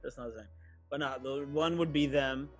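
A man's voice: mid-range voice, normal speed, faint music behind. A young man in casual sports chat, ranting in a heated, profane way. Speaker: podcast co-host, sports fan.

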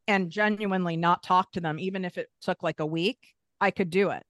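A woman's voice: lowish voice, fairly even intonation, normal speed, hardly any pauses, fairly bright tone, no echo, studio quality. A woman guest talking candidly about her own past, frank and emphatic, swearing casually. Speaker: podcast guest. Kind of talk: candid personal conversation.

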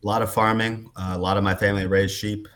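A young man from Iowa answers a podcast host's questions in a calm, modest way, pausing often with ums. His voice is very low for a man and stays relaxed and unhurried. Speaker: rugby player guest. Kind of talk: casual interview answers.

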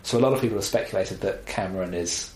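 A man chatting casually about films, animated and wry, with exasperated asides. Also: sits low, fast. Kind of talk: casual film chat. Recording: roomy echo, faint background noise.

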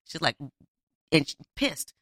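A woman in a casual chat, telling a story in an animated, emphatic way. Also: a little slow, no echo, clean studio sound.

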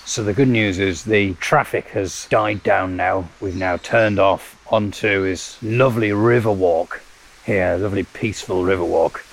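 A man hosting his podcast while out on a river walk, telling stories in a rambling, self-deprecating way and laughing often. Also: low voice. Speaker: podcast host. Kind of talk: casual walking monologue.

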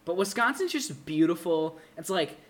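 A man's voice: high voice, animated, moderate pace, a bit bright. A young man from Minnesota co-hosting a casual podcast chat, joking around and mocking a folksy upper-Midwest twang. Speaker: podcast co-host.

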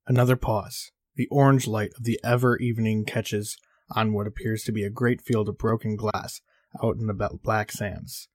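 Low-voiced man narrating a horror story. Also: level tone, no room sound, studio quality. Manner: measured reading with small slips. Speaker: podcast host and narrator.

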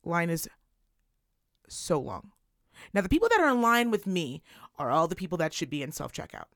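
A woman co-hosting a podcast, telling a profane, animated story and acting out the people in it. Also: on the low side, moderate pace, no echo, clean studio sound. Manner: animated, profane, acts out voices. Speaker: podcast co-host. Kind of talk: casual chat, storytelling rant.

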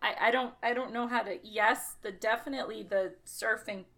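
A woman's voice: on the high side, steady tone, normal speed, sharp tone. A woman with a Connecticut accent in casual podcast chat, giggling often and hunting for words.

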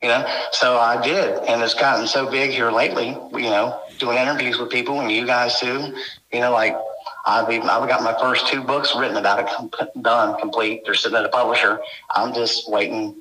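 A man's voice: medium pitch, fairly even intonation, brisk, bright, forceful tone. Guy telling his story all worked up, rambly, lots of you-knows, echoey room. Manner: rambling, intense, full of "you know". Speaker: guest recounting encounters. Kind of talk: emotional first-person storytelling.

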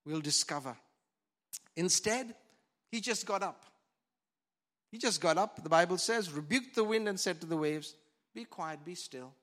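Holding a microphone in a church hall, a pastor whose voice sits on the high side gives a lively sermon. His delivery veers from loud shouts down to soft whispers.

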